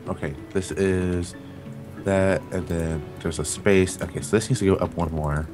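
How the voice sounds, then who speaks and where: A man's voice: sits low, fairly even intonation, moderate pace, music in the background. A young man playing a game with friends, teasing them and narrating his own moves. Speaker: gamer. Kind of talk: casual gaming chat.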